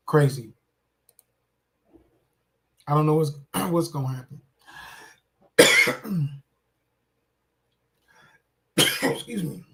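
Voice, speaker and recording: A man giving casual reaction commentary on a clip, indignant and repetitive, talking straight to his viewers. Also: on the high side.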